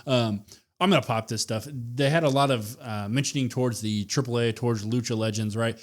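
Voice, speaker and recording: A man's voice: mid-range voice, a little fast. Podcast co-host, male, mid-range voice, easygoing and chatty. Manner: relaxed, thinks aloud with fillers. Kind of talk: casual wrestling review chat.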